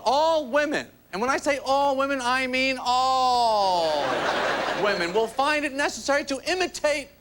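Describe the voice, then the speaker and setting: A man's voice: very high-pitched, background noise. A man performing a stand-up comedy routine on a TV studio stage, with a wry, observational delivery and exaggerated demonstrations of different voices. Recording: loud studio audience laughter. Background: roaring crowd laughter.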